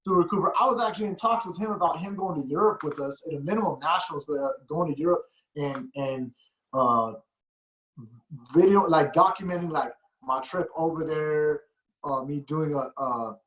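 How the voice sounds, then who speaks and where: A man's voice: on the high side, normal speed, fairly bright tone. A man hosting a podcast, telling rambling stories in a casual chat and laughing often. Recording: echoey room.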